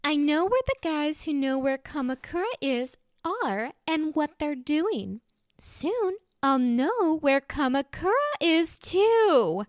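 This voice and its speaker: A woman voicing a cocky, capricious teenage girl mastermind in a fan audiobook, with a high-pitched voice that swings between bubbly and deadpan. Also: slow pace, dry recording, clean studio sound, exaggerated voice. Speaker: audiobook voice actor. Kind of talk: fan audiobook character reading.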